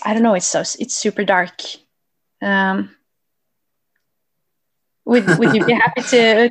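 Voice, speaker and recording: A woman interviewing a songwriter, enthusiastic and searching for words as she asks her questions. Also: mid-range voice. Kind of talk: casual interview.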